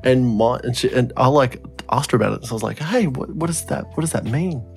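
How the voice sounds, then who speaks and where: A man's voice: mid-range voice, brisk, creaky. A young man with an ordinary mid-range voice tells a story on a podcast. He rambles, swears freely and keeps breaking into laughter. Faint music plays underneath. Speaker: podcast co-host. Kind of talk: casual storytelling chat.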